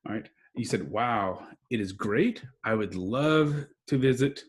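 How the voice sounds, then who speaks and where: A man's voice: on the low side, lively intonation, measured pace. Encouraging American English tutor, man. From United States. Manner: encouraging, corrects gently with frequent praise. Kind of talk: online English lesson.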